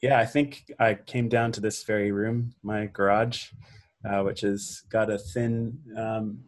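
A low-voiced man speaks as a songwriter guest, soft and halting, with many pauses. He talks thoughtfully from his home garage. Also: steady tone. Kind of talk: reflective interview talk.

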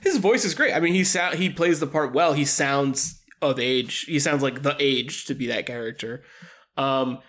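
A man's voice: medium pitch, moderate pace, fairly bright tone. A man co-hosting a podcast in casual chat, hesitant, leaning on "like" and trailing off. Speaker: podcast co-host.

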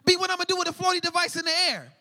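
A man preaching a lively sermon, swinging from shouts down to near whispers, full of casual slang. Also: very high voice, racing, big-room sound. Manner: energetic, shouting and dropping to a hush, casual slang. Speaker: pastor.

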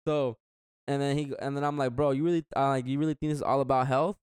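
A young man rambles through a story in a casual chat, slipping in slang and acting out each back-and-forth. His voice sounds smooth and clear at a middle pitch. The sound is close and dry. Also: flat delivery, fast, darkish tone, no room sound. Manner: rambling, slangy, acts out quotes.

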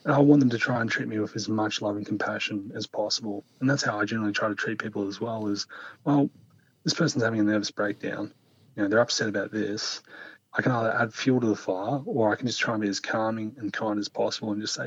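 A man speaking as an interview guest, telling a personal story in a calm, earnest, reflective way. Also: on the low side, fast talker, slightly rough, dry recording, highs cut off.

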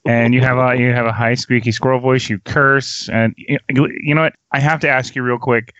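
A man's voice: medium pitch, flat delivery, normal speed, fairly bright tone, dry recording, muffled recording. A man hosting a casual podcast, joking and teasing his guests and swearing freely. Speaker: podcast host.

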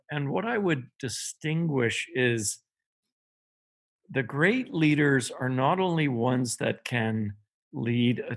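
Gravelly, husky Canadian man. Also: mid-range voice. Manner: measured, thoughtful, with frequent fillers. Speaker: podcast guest, company CEO. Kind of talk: podcast interview.

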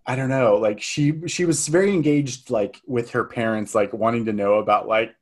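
Man, mid-pitched, hesitant and rambling co-host of a casual movie podcast. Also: moderate pace. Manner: rambling, hesitant, many fillers and restarts. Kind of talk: casual film review chat.

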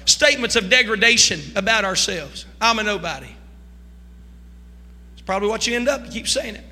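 A man preaching a sermon from the pulpit, swinging between quiet asides and loud, sung shouts. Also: high-pitched, animated, big-room sound. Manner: preaching with rising shouts and sung, drawn-out lines. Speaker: pastor. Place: church sanctuary.

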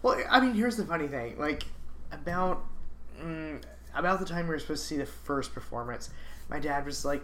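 A man co-hosting a podcast, chatting casually in a relaxed way. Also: fairly high pitch, moderate pace, slight background noise. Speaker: podcast co-host. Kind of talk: casual chat.

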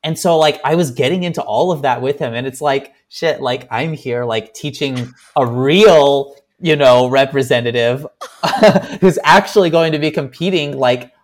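A man's voice: medium pitch, unhurried. A young man telling a story as a podcast guest, rambling, with many fillers and restarts. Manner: animated, self-mocking. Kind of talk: casual storytelling.

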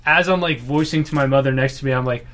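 Male podcast co-host, mid pitch, animated storyteller. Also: fast talker. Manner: animated storyteller acting out movie scenes. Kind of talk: casual chat.

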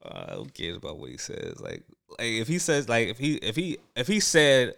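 A man's voice: mid-range voice, huge pitch swings, moderate pace, vocal fry, hardly any pauses, bright, forceful tone, clear, resonant tone. A man co-hosting a casual chat, talking in a laid-back, loose way full of fillers and frequent laughs.

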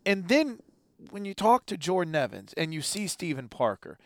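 A man's voice: high-pitched, sing-song, normal speed, fairly bright tone, dry recording, studio quality. A man co-hosting a sports talk show, chatting casually about a football game, often stammering and restarting his thoughts.

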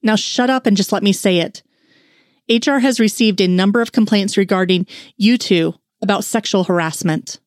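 A woman voicing a stern, gruff male FBI supervisor who speaks curtly in an audiobook-style fan fiction reading. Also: mid-range voice, moderate pace, dry recording, studio quality, lightly acted. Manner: growling, curt.

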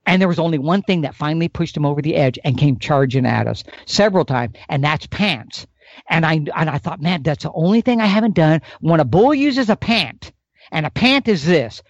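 Guy on a podcast getting all fired up, kinda high voice, dry dull sound. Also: moderate pace, dry recording. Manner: excited, emphatic, demonstrates elk calls with his mouth. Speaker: podcast guest, elk calling expert. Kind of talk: animated podcast storytelling.

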